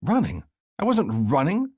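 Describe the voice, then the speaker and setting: A male narrator voicing an angry, sarcastic young human woman in an audiobook, shouting and sneering. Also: medium pitch, sing-song, normal speed, husky, no room sound, clean studio sound, pitched above the performer's own voice. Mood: furious, sarcastic. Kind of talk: audiobook character voice.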